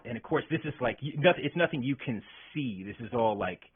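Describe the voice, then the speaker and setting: Man, podcast guest, husky rambling storyteller, tinny sound. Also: medium pitch, animated, fairly quick. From Arkansas. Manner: profane, rambling, lots of restarts and fillers. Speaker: podcast guest, metal vocalist. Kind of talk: casual storytelling chat. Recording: tinny phone-like podcast audio.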